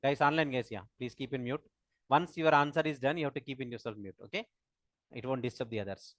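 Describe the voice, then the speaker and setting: A man's voice: mid-range voice, fast talker, fairly bright tone, dry recording, studio quality. A man with an Indian English accent teaching a live programming class, quizzing students and repeating key terms. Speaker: programming instructor.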